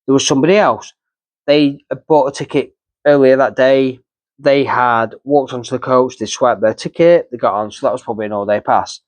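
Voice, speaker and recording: A man's voice: mid-range voice, a little fast, no echo. A man in his thirties, a travel vlogger, telling a story casually and with indignation, repeating himself as he goes. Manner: animated, indignant retelling with repeated phrases.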